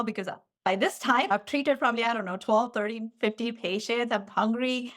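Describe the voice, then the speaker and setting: A woman in her forties, a podcast guest, telling a personal story in a relaxed, animated way and acting out what she said back then. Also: fairly high pitch, a little fast. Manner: animated, acts out her own past lines. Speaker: podcast guest, physical therapist. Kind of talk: casual storytelling in interview. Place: lived in the Midwest.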